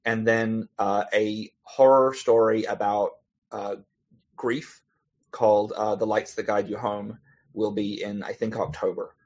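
A man chats as a podcast guest, his voice husky and a little breathy. He rambles through stories, stumbling over restarts and laughing as he goes. The audio is dull and lo-fi. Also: on the low side, level tone, unhurried, a little mellow. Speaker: podcast guest, comic author. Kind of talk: casual chat.

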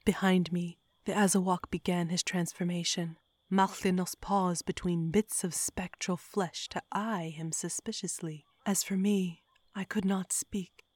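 A woman reads a horror story in a hushed, whispery way. Her voice sits fairly low, and the recording is close and dry. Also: steady tone, unhurried, no echo. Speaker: narrator.

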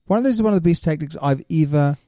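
A man trades stories in a relaxed rugby chat, chatty and quick to make fun of himself. His voice is very dark and mellow. It is recorded close and dry, with no room sound. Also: a little high, no echo. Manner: chatty, jokey, self-deprecating. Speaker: podcast co-host. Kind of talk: casual chat.

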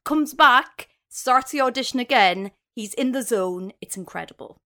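A woman co-hosting a podcast, telling a story in a chatty, animated way with many fillers. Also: fairly high pitch, normal speed. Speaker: podcast co-host. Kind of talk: storytelling chat.

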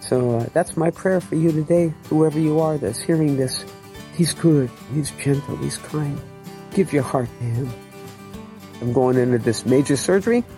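A man's voice: on the high side, moderate pace, mellow, faint music behind, rough recording. An older man earnestly telling his personal faith testimony in an emotional storytelling way. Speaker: testimony speaker.

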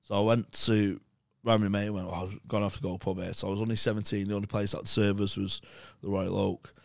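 A man's voice: fairly low pitch, quick pace, vocal fry, dry recording. A young English man, a podcast guest, telling rambling, swear-filled stories in casual chat. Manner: swears a lot, rambling animated anecdotes.

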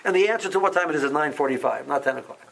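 A man leading an informal Torah class, often restarting phrases and growing lively as he explains. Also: a little high, racing, vocal fry, slight background noise.

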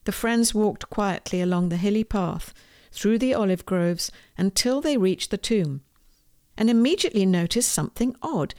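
A woman reading aloud from her own children's storybook, gentle and expressive. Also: medium pitch, moderate pace, dry recording, studio quality. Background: faint music.

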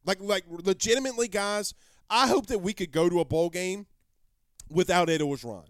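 A man's voice: high-pitched, normal speed, no room sound, clean studio sound. A man hosting a live sports talk show, brash and rambling, repeating himself as he answers viewer comments.

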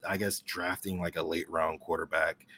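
A man's voice: low-pitched, flat delivery, normal speed, sharp tone. A man who is a guest on a sports podcast, talking over a remote call. He talks in a rambling, enthusiastic way and often corrects himself. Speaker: podcast guest, brand president. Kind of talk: casual sports chat.

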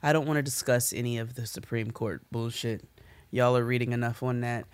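A woman co-hosting a podcast in casual chat, playful and quick to laugh. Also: a bass voice, fairly even intonation, smooth, no room sound. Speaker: podcast co-host.

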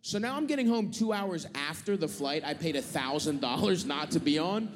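A man's voice: a little high, animated, moderate pace. Profane stand-up man in a big hall. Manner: profane, exasperated, acts out both sides of arguments. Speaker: stand-up comedian. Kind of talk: stand-up comedy storytelling. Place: theater stage before a live audience. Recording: live stage recording with long hall reverb and audience noise.

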